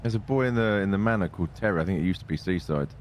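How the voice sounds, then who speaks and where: A man in casual role-play chat, quick and blunt, teasing and swearing a lot. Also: low-pitched, slight background noise. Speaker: fellow role-play player.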